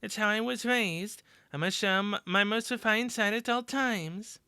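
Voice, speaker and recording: A woman's voice: medium pitch, unhurried, pushed and bright, clear, resonant tone, no echo. A woman voicing a refined, wordy former noble schoolgirl with formal, polished speech.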